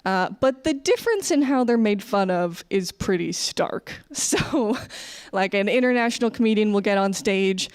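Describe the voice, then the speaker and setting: A woman's voice: mid-range voice, expressive, moderate pace, clear, resonant tone. A young American woman doing a stand-up set to a camera, chatty and self-deprecating, laughing between jokes. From United States. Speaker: stand-up comedian. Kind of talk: online stand-up comedy set. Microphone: camera, sometimes leaning in too close.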